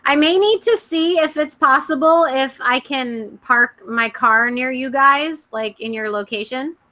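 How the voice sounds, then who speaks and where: A young woman co-hosting a podcast tells stories in casual chat, animated and laughing often. Her voice is high-pitched and her pace measured.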